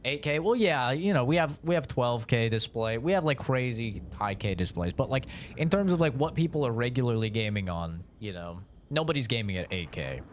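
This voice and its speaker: A man's voice: mid-range voice, expressive, brisk, hardly any pauses, slight background noise. A man streaming a horror game live, chatting casually and teasing viewers with plenty of swearing. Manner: teasing, profane, rambling.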